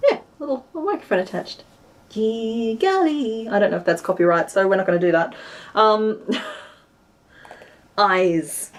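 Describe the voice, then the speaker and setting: A young crochet streamer from Western Australia, with a West Australian accent, chats in a casual, self-deprecating way on a live stream while narrating her hands-on crafting. She speaks at a measured pace with a medium pitch and long pauses, over slight background noise.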